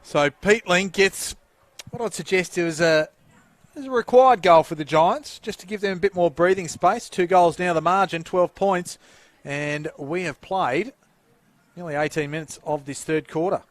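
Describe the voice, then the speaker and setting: Aussie guy calling a footy match, slightly high voice, dry close sound. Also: dry recording. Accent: Australian. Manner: lifts and quickens on the action calls. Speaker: play-by-play commentator. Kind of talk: sports commentary.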